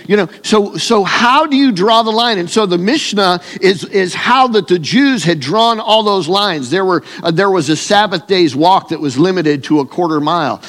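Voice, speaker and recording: Man preaching in a reverberant hall. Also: high-pitched. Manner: conversational preaching with fillers and restarts. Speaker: pastor. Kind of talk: sermon.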